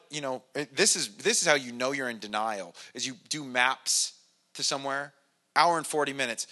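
A man's voice: mid-range voice, normal speed, bright, forceful tone. A man preaching a casual, conversational sermon to his congregation, self-deprecating and full of restarts and acted-out quotes. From Irish family background. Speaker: pastor.

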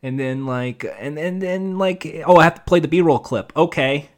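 A man's voice: fairly high pitch, moderate pace, crowd noise. A man co-hosting a casual podcast chat, rambling and joking with plenty of fillers. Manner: rambling, jokey, many fillers. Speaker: podcast co-host.

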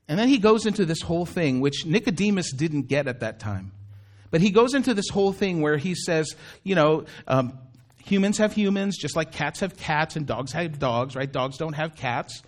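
A man's voice: fairly high pitch, animated, moderate pace. A man preaching a sermon as a pastor, telling the story in a loose, conversational way with asides to the congregation.

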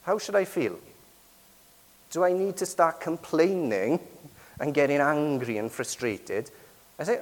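A man preaching a sermon with lively emphasis, many rhetorical and tag questions to the congregation. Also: a little high, normal speed. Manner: lively, rising and falling emphasis. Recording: long hall reverb.

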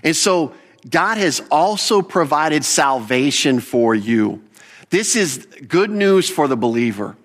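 Animated male preacher, punchy emphasis. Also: slow. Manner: animated preaching, rising pitch on emphatic points, asides and self-corrections. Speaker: pastor. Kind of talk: sermon.

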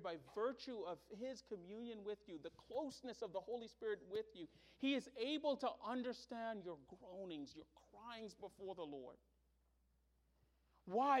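A middle-aged man preaching a sermon as pastor, telling stories with sudden loud, high bursts.

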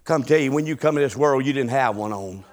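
A middle-aged man preaching a sermon, swinging between shouted peaks and low, quiet passages. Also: quick pace. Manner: shouting, rising and falling Southern preaching cadence.

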